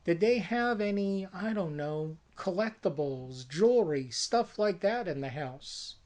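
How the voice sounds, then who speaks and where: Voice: mid-range voice, lively intonation, a little slow, a little mellow, close to an everyday voice. A storyteller voicing a desperate adult brother who pushes a risky plan, talking in a pushy, persuasive way. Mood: scheming. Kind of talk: casual spoken movie pitch.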